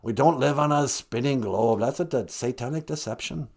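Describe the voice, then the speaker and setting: A man's voice: medium pitch, normal speed, gravelly, darkish tone. A man voicing an all-knowing male deity in an improvised comic skit, with a lilting put-on brogue and grandly solemn, folksy sermonizing. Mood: preachy. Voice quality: lilting put-on brogue, calls her "me daughter". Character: Great Spirit, an all-knowing male deity, gently preachy.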